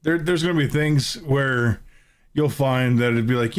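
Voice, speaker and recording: A man's voice: mid-range voice, measured pace, clear, resonant tone. A man hosting a casual nerdy podcast, rambling and correcting himself as he talks. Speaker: podcast host.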